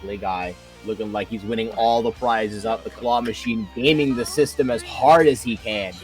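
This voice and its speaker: A man's voice: lowish voice, steady tone, normal speed, faint music behind. A man commentating a fighting game tournament, breaking down plays with dry jokes, his voice a bit worn out. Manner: analytical, joking. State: tired voice.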